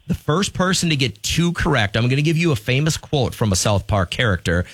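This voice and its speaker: A man hosting morning radio, running a call-in contest with jokey, fast-moving banter. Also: fairly low pitch, dry recording. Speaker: radio show host.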